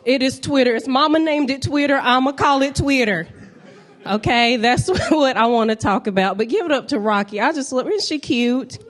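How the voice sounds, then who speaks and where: On a comedy club stage, a woman in her thirties from North Carolina performs stand-up with a Southern accent, bantering animatedly with the crowd. Her voice is high and her pace normal.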